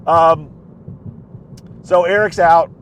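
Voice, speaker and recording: A man's voice: on the high side, steady tone, drawn-out words, slight background noise. A man casually recapping a TV show from inside his car, rambling with lots of fillers and restarts. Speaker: recap vlogger.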